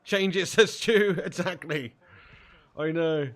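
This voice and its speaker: Chatty man streaming, higher voice. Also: takes it slowly, fairly bright tone. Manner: banters with chat, reads out comments, swears casually. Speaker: live-stream gamer. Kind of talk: casual live-stream chat.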